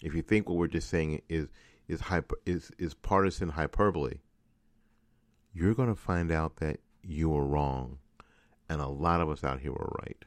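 A man with a deep, low voice rants through a political commentary monologue. He sounds angry and frustrated, and he circles back over the same points again and again. The recording is dry and close, with no room sound. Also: normal speed, no echo. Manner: angry, ranting, repetitive. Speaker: radio host.

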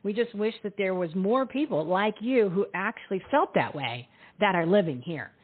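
A woman hosts a talk show in a chatty, opinionated manner, filling gaps with ums and uhs. Her voice is a touch husky and sounds dry and close. It comes through a thin, phone-like line. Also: mid-range voice, expressive, normal speed, dry recording. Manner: chatty, opinionated, filler-heavy. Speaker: host. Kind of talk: casual talk show monologue.

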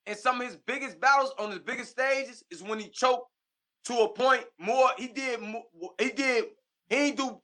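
High, bright man arguing casually. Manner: argumentative, laid-back slang. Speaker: podcast co-host. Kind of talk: casual battle rap chat.

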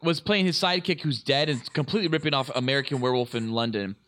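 A man co-hosting a casual podcast, excitable and rambling, swearing often. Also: mid-range voice, quick pace. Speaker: podcast co-host.

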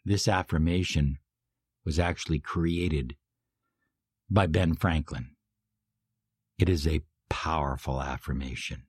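A man speaking as a life coach in a motivational talk, leading affirmations and shifting from emphatic, pumped-up lines to soft, slow ones. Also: very deep voice, breathy edge, no echo, studio quality.

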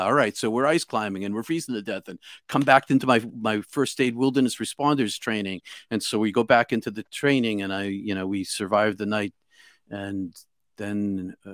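Halting man telling a near-death story. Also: on the low side, no room sound, clean studio sound. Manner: halting, with frequent restarts and repeated words. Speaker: guest. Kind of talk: emotional first-person storytelling.

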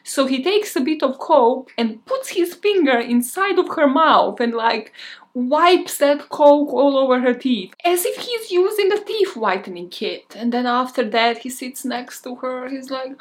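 A woman's voice: high-pitched, expressive, unhurried. Chatty woman recapping a movie. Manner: chatty, with frequent filler "like". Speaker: podcast host.

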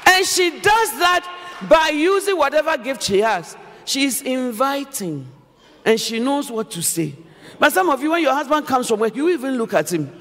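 A woman pastor preaching a sermon at a church service, animated and humorous, often exclaiming to the congregation. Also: sits high. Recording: long church hall reverb.

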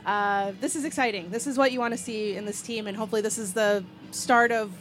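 A woman's voice: medium pitch, steady tone, fairly quick, fairly bright tone. A woman who covers soccer, a guest on a live pregame show at a stadium. She answers in a thoughtful, hedging way. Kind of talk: casual chat. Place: outdoors at a stadium.

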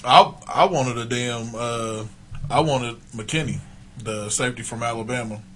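Brash guy, bright forward tone, cussing freely, faint noise behind. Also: mid-range voice, steady tone, measured pace. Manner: blunt, profane, emphatic. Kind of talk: casual chat.

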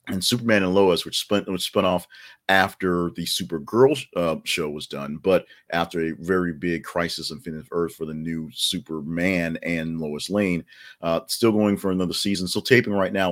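Male podcast host, low voice, loose chatty news commentary with digressions. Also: steady tone, moderate pace. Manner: rambling, many fillers, joking asides.

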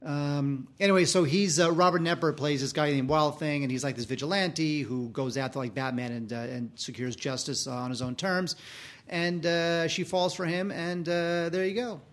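A man's voice: fairly high pitch, normal speed. A man co-hosting a casual talk show, dry and teasing, hesitating with fillers. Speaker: podcast co-host. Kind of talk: casual chat.

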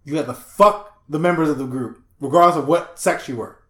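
A man's voice: fairly high pitch, fairly quick. A man co-hosting a casual comedic podcast, telling stories and acting out what people said, swearing and laughing a lot. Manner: animated storyteller, acts out quotes, swears, laughs often. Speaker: podcast co-host. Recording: echoey room.

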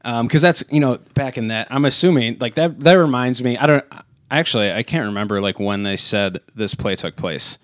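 A man's voice: medium pitch, normal speed, hardly any pauses, no echo. A man co-hosting a podcast in casual chat, rambling with many fillers and restarts on a close mic. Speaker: podcast co-host.

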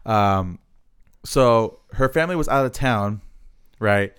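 A man hosting a podcast, talking in a relaxed, easygoing way in casual chat. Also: lowish voice, takes it slowly, clean tone. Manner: relaxed, easygoing talk with fillers. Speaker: podcast host.

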